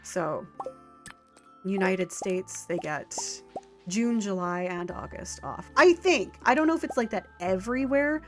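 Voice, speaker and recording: A woman talks at an easy, mid-range pitch while streaming a farming game. Her casual chat wanders from one thought to the next, full of fillers and small asides. Faint game music plays quietly underneath. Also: expressive. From Canada. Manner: rambling and chatty, with filler words and quick laughs.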